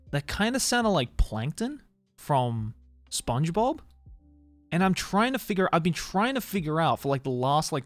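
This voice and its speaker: A man's voice: on the high side, no room sound. A male streamer chatting casually with his live audience, laughing often, swearing freely, and leaning hard on filler words. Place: home streaming room, Tokyo.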